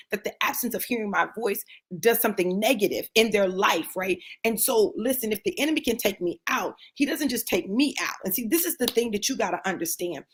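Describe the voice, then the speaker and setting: A woman's voice: mid-range voice, breathy edge. A woman with grandchildren, speaking as a motivational speaker in an impassioned, preacherly testimony, repeating phrases for emphasis and checking in with "right?".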